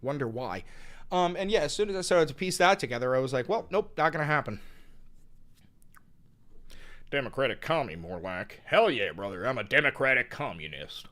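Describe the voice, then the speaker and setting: A man reacts to chat during a live stream in a mid-range voice, full of excitement and profanity. He keeps erupting into shouts and repeating words in quick bursts.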